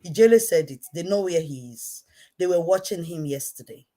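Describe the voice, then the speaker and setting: A woman with a Nigerian accent giving an impassioned rant to camera, repeating herself emphatically and swinging between quiet intensity and shouting. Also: lowish voice, expressive, moderate pace. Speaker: online commentator.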